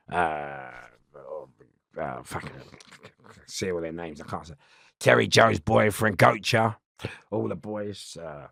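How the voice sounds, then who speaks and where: Gravelly, husky man. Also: lowish voice, a bit bright, no echo, clean studio sound. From London. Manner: swearing, laughing, keeps restarting his story. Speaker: interview guest. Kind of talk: rambling prison storytelling.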